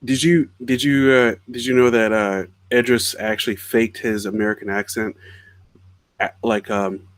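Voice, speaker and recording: A man's voice: on the low side, fairly even intonation, moderate pace, no room sound. A man co-hosting a casual podcast, telling anecdotes in a chatty way. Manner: chatty storyteller, laughs while telling anecdotes. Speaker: podcast co-host. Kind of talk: casual chat.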